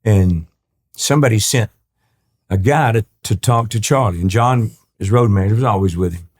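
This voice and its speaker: Brief: East Texas man, country singer guest, low voice, rambling storyteller who acts out quotes. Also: normal speed, a little mellow. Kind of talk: storytelling interview talk.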